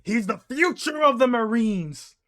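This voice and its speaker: A man voicing a legendary, gruff old marine hero who bellows threats at pirates. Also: extremely high pitch, expressive, a little slow, a bit bright, pitched above the performer's own voice, heavily acted. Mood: boastful, threatening.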